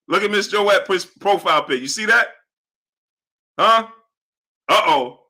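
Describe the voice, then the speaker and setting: A man hosting a live stream, greeting viewers by name and repeating catchphrases in a lively way. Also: sits high, a little slow. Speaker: live-stream host reading viewer chat. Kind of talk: casual live-stream chat.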